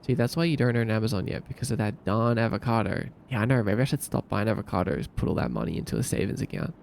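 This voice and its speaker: Gravelly Australian man streaming. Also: fairly low pitch, expressive, quick pace, darkish tone, a little hiss or hum. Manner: laid-back, jokey, trying silly impressions. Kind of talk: casual live-stream chat reading comments.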